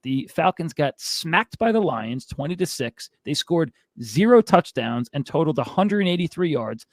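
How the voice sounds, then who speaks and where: Fired up guy ranting about football, kinda high voice, dry close mic. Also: very animated, normal speed, no room sound. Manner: ranting, exasperated. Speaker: fantasy football podcast host. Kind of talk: casual sports commentary.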